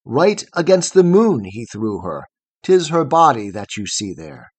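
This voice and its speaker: A man voicing a gentle, wise old grandmother from a storybook poem. Her soft, lilting lines rise and fall in lively swings of pitch, in a middle register. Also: measured pace, husky.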